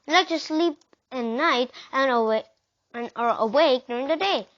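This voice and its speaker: A woman's voice: sits high, moderate pace, a bit bright. A woman reading aloud, voicing a smart, eager young boy in a storybook. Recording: dull lo-fi recording.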